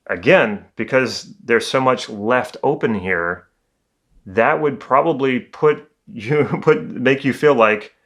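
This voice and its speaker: A man working as a communication coach, giving a calm, conversational educational talk. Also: lowish voice, measured pace.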